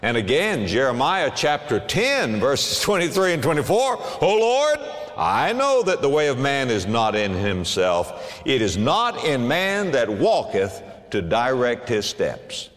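Middle-aged male preacher with a lively, swooping delivery, recorded with long hall reverb. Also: a little slow. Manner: dynamic preaching, swinging from low murmurs to loud exclamations. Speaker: pastor. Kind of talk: sermon.

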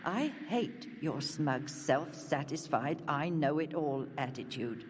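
Woman narrator doing a stern, solemn God; low, unhurried, with music. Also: in a large hall, a little hiss or hum. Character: God, stern and loving divine voice.

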